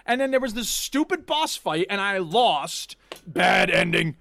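A man co-hosting a podcast, ranting in casual chat with animated exasperation and plenty of swearing. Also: sits high, a little slow, gravelly, slight background noise. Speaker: podcast co-host.

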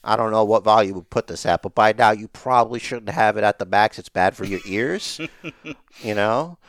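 A man's voice: fairly low pitch, normal speed, dry recording, studio quality. A middle-aged man co-hosting a casual wrestling podcast, ranting emphatically and swearing as he argues. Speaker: podcast co-host.

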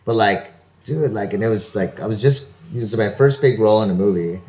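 A man's voice: fairly low pitch, brisk, darkish tone. Rambling man swearing through stories. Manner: rambling, swears a lot, laughs often. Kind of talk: casual storytelling chat. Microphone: video call.

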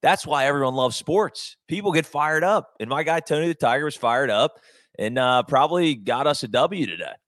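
A man's voice: a little high, expressive, moderate pace, fairly bright tone, no echo. A young man co-hosting a podcast, telling sports stories in a laid-back, joking way. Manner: laid-back storytelling, silly voices for jokes. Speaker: podcast co-host. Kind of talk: casual sports chat.

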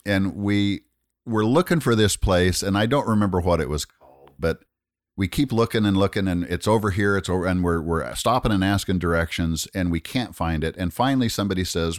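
Deep-voiced man spinning a rambling yarn. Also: fairly quick, dry recording, studio quality. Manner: rambling anecdotal storytelling with restarts and laughter. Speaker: guest storyteller. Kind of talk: casual storytelling chat.

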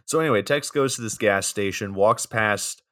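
A man's voice: lowish voice, normal speed, sharp tone. A young man co-hosting a podcast, recapping a movie's plot in a laid-back way with fillers and side comments.

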